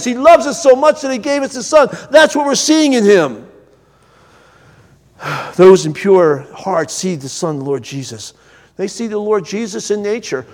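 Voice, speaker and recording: A pastor delivers a sermon in a church sanctuary, his voice sitting high for a man. He is earnest, climbing to emphatic peaks before sinking back low and quiet. A long reverb hangs behind him from the hall.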